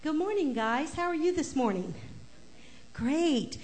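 A woman tells a story to children during a church service. Her voice sits a little high, and she speaks with lively, animated energy that draws the kids in. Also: unhurried, soft background music. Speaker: children's message presenter.

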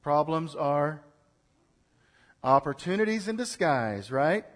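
A man preaching a sermon to a congregation, building from quiet urging to loud exhortation and leading it in call-and-response. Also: a little high, big pitch swings, takes it slowly. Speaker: pastor. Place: church in front of a congregation.

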